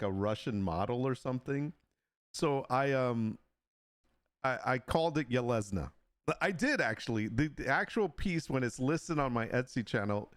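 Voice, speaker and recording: A man hosting a casual live stream, joking and laughing often and slipping into playful mock sales pitches. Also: no echo, clean studio sound. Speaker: livestream host and digital artist.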